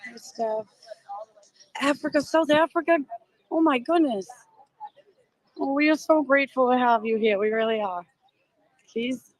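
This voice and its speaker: Speaking in a high voice, unhurried and with long pauses, this Boston-accented, middle-aged livestream host chats emotionally to her viewers, laughing a lot and greeting them. She's outdoors among a crowd doing casual live commentary on a phone held on a selfie stick. The audio is dry and low quality.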